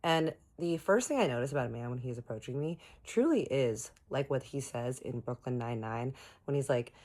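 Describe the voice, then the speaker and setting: A woman vlogger tells a story casually and with a lot of emphasis. Her voice sits low for a woman, and she throws herself into the retelling. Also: brisk. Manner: animated, emphatic, dramatic retelling.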